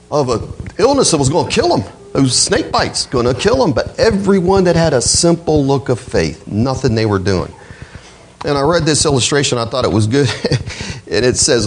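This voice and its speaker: A male pastor preaching a sermon, with a slightly husky voice, quoting scripture and swinging his voice up high for emphasis. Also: rough recording. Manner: expressive preaching, voice climbing high on quoted outbursts.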